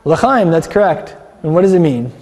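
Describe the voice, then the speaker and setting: A man delivers an earnest sermon and puts questions to his congregation. His voice sits fairly high with a mellow, dark tone. The room gives it a long, ringing reverb. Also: very animated, moderate pace. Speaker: congregation teacher.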